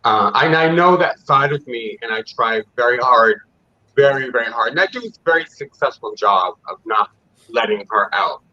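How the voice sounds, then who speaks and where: A man's voice: medium pitch, lively intonation, normal speed, bright, forceful tone, dull audio. A man appearing as a guest on a video-call chat show, talking candidly and graciously about himself.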